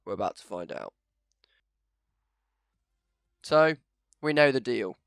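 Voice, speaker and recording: A man hosting a gaming channel, commentating his video game in a chatty, self-mocking way that swings into loud excitement. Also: medium pitch, moderate pace, gravelly, no room sound, clean studio sound. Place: home setup, no camera.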